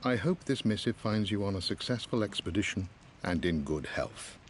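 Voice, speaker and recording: A man's voice: fairly low pitch, lively intonation, normal speed, a little hiss or hum, close to an everyday voice. An older man playing a devoted, patient butler, reading his own letters as game voice-over in a formal, deferential manner.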